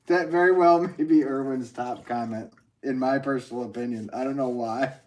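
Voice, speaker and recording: A man's voice: mid-range voice, moderate pace, darkish tone. A man who is a potter, chatting casually with viewers on a live stream, rambling and chuckling often as he reads comments.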